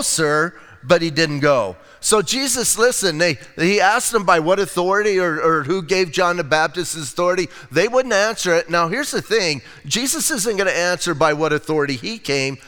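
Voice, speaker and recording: A man preaching a sermon as pastor, in a casual, lively way with slang asides. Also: a little high, smooth, in a large hall.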